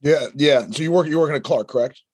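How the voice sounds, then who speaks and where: Guy interviewer, halting, keeps restarting his questions, chill chat. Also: a little high, a little mellow, husky. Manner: halting, lots of fillers and restarts.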